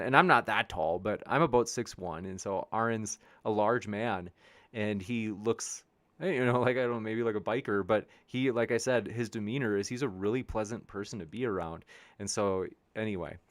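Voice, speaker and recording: Male host, rambling and upbeat, reads viewer comments, mid-pitched voice, dry sound. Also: no echo. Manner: rambling and upbeat, with many restarts. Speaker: debate show host. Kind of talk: casual live-stream chat, reading viewer comments. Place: home studio with a backdrop sheet behind.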